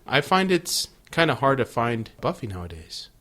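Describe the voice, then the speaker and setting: A male podcast co-host in easygoing chat, recapping a show with crude jokes and running commentary. His voice sits in an ordinary middle pitch. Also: sing-song, normal speed, sharp tone. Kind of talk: casual chat.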